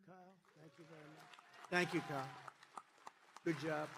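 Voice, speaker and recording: Male candidate at a rally, gravelly and bright, repeats lines for emphasis, drops to quiet asides. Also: fairly high pitch, normal speed, a faint crowd, slight background noise. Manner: repetitive, emphatic, swings between loud declarations and quiet asides. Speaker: political candidate. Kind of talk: campaign rally speech.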